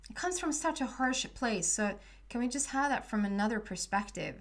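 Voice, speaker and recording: A woman's voice: on the high side, expressive, moderate pace. A woman giving a casual spoken tarot reading, rambling with many fillers and restarts. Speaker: tarot reader.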